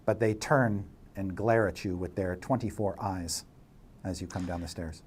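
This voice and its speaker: A man's voice: deep voice, moderate pace, darkish tone, a little hiss or hum. A man narrating a tabletop game as dungeon master, setting scenes in detail with frequent fillers.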